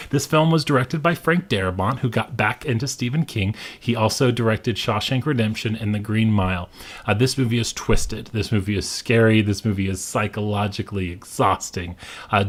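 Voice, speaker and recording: A young man hosting a casual movie countdown, enthusiastic and repeating his praise often. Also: fairly low pitch. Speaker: host.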